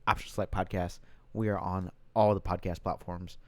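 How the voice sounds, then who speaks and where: A man's voice: sits low, little pitch movement, moderate pace, no room sound. Teasing man on a podcast, dry sound. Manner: teasing, blunt, profane. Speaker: podcast co-host. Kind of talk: casual chat.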